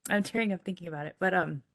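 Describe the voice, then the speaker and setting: A young woman on a video panel reflects on a personal experience in a soft, halting way, full of pauses. Her voice sits low with a gravelly edge. The sound is close and dry. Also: no room sound. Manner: soft, halting, with frequent fillers.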